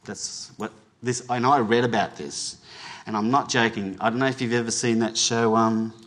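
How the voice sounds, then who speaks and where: A man's voice: medium pitch, fairly even intonation, normal speed, a bit bright. An Australian chef giving a talk to an audience, telling a story with humor at his own expense and acting out both sides of each conversation. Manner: self-deprecating, laughs at his own jokes.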